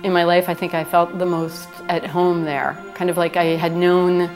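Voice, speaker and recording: A lowish-voiced woman speaks as an anthropologist in a documentary interview. She reflects aloud in a loose, conversational way, padding thoughts with "you know" and slipping in Arabic phrases. Clear music runs under her voice. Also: little pitch movement, moderate pace.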